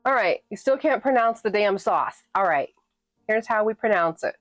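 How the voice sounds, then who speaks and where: A woman's voice: mid-range voice, expressive, normal speed, no echo, soft background music. Playful, laughing woman streamer. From New England. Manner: playful and sassy, laughing often. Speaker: livestreamer and author reading her novel. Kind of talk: casual live-stream chat with viewers.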